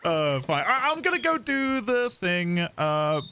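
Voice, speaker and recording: A man's voice: high voice, big pitch swings, slow pace, gravelly, pushed and bright, a little hiss or hum. A man chatting playfully on a game livestream, reading chat aloud and laughing often. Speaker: livestreaming gamer. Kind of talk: casual live-stream chat.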